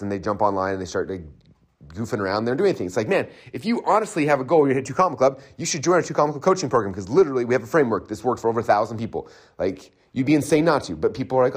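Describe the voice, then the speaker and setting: A man talking to camera about setting goals in a motivational tone, emphatic and peppered with fillers and quick "right?" asides. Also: medium pitch. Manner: fast, emphatic, many fillers and rhetorical "right?"; grows animated and exclamatory. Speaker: entrepreneur and coach sharing advice.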